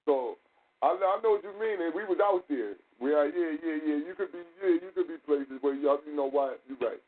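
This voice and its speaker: A man's voice: a little high, brisk. A man hosting a podcast, telling stories in a loose, profane way and acting out other people's lines as he goes. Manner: loose, profane storytelling with quoted dialogue. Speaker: podcast host. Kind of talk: casual podcast talk. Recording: tinny phone-like audio with faint hiss.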